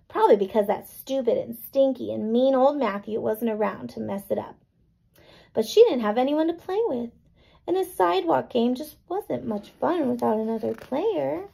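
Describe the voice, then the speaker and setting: Gravelly-voiced woman teacher reading aloud. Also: high-pitched, lively intonation, normal speed, poor audio. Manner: gentle, checks in with "right?" and "okay?". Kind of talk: reading a picture book to children.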